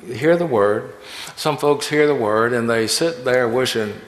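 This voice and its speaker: A man preaching a sermon in a church sanctuary, voice of middle pitch with a long reverb trailing each phrase. He reads scripture and tells parables, giving the quoted lines their own voice. The room is roomy and echoing. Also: measured pace. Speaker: pastor. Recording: echoey, reverberant church hall.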